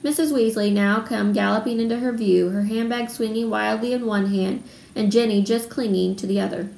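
A woman reading a children's novel aloud in a steady storytelling manner. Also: medium pitch, normal speed, creaky. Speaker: readalong reader. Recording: roomy room, faint background noise.

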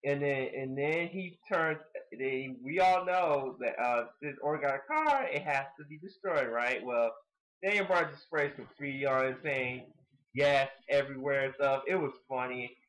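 A man giving a casual video review of a wrestling show, talking like an excitable fan with plenty of fillers and the odd swear word. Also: mid-range voice, moderate pace, low-quality recording.

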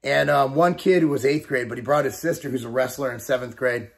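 A man's voice: mid-range voice, brisk, gravelly. A man in his forties talking straight to camera in a casual vlog, blunt and emphatic, swearing and repeating his points. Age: 40s. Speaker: fitness company owner and bodybuilder.

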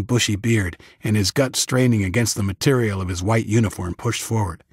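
Male audiobook narrator, first-person storytelling, measured, low pitch, husky tone, dry close mic. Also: steady tone, a little mellow, dry recording.

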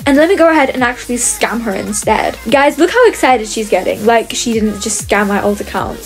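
A young woman with a high voice talks her viewers through a game, chatty and quick to sound fed up. She calls out to her audience as she plays. Faint music sits under her voice. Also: expressive. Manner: exasperated, chatty, addresses viewers as guys. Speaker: gaming video creator.

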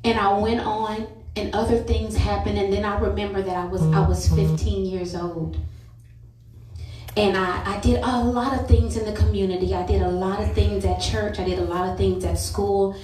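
A woman's voice: mid-range voice, fairly even intonation, normal speed. Lady preaching her own story, earnest, mic kinda far off, big church echo. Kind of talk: sermon testimony. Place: church sanctuary. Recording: roomy church sound from a distance.

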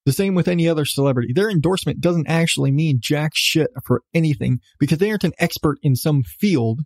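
A man rants casually on his own solo podcast, swearing plenty, tossing in sarcastic asides, and laughing at himself. His voice is on the high side and a little mellow, with no echo.

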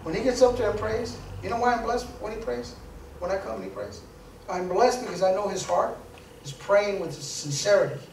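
A high-pitched man speaking at normal speed delivers a conversational, story-driven sermon in church, repeating words while building toward emphatic high points. It's recorded from a distance with roomy church acoustics and a little hiss or hum.

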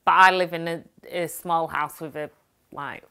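Bright, chatty Yorkshire woman. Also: low-pitched, fairly even intonation, moderate pace, smooth. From Sheffield, England. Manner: chatty and enthusiastic. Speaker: lifestyle blogger. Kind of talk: casual chat to camera. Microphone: camera held by a friend.

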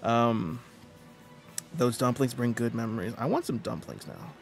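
A man's voice: mid-range voice, lively intonation, measured pace, creaky, soft background music. A man streaming a video game live, chatting casually and reading out viewer messages. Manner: chatty, greets viewers and reads chat aloud.

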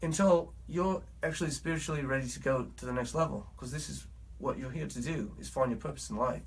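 A man's voice: medium pitch, fairly quick, gravelly, slightly rough. A man with a put-on British accent, a musician talking in a rambling, earnest and preachy vlog monologue.

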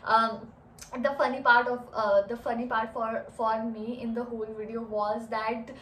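A woman's voice: a little high, little pitch movement, moderate pace, a bit bright, recorded from a distance. A young woman with an Indian accent, gushing enthusiastically in a casual reaction chat, with many fillers. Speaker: reaction video host. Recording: echoey room, off-mic, faint noise.

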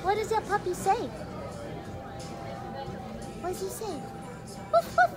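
A mother talking to her small child in slow, playful baby talk, coaxing and sing-song, at an indoor water park. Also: very high-pitched, steady tone. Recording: loud crowd and music behind.

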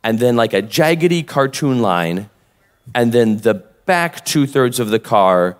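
A man co-hosting a live podcast, telling a story in a lively, animated way. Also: mid-range voice, unhurried, clean tone. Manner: animated, acts out both sides of quoted exchanges. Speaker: podcast co-host. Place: convention stage with long reverb. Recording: live hall reverb.

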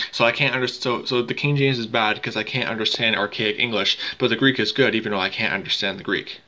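A man's voice: lowish voice, steady tone, fast, few pauses, pushed and bright, poor audio. A man hosting a commentary vlog, arguing dismissively and stumbling over repeated words. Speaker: channel host and commentator.

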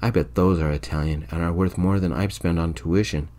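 A man narrating a story in the first person, quietly and evenly, in soft-spoken ASMR storytelling. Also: deep voice, steady tone, a little fast.

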